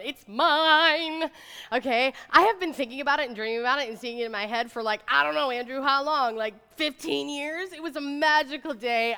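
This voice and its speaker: Woman, 30s, motivational speaker: chatty and animated, bright tone, recorded live in a reverberant hall. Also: a little high, smooth. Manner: chatty, animated, says "like" and "right?" often. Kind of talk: inspirational talk to an audience.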